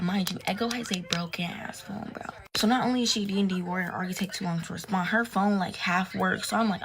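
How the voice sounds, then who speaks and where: A woman's voice: medium pitch, fairly even intonation, fast talker, few pauses, noisy background. A young woman telling a storytime tale in casual, slangy, profane talk, retelling events with drama. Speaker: storytime vlogger.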